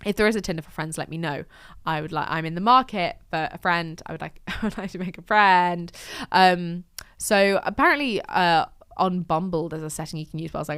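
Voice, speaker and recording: A woman's voice: fairly low pitch, fairly quick, a bit bright, smooth, dry recording, studio quality. Chatty self-deprecating young woman podcaster. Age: 20s. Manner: chatty, self-deprecating, frequent laughs and sweary asides. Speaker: podcast host. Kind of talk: casual diary monologue. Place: lives in Glasgow.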